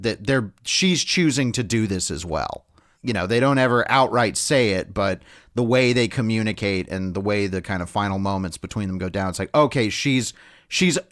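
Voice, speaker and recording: On the low side and a bit bright, a man co-hosts a podcast about film. His talk is loose and chatty, studded with "um"s and frequent restarts.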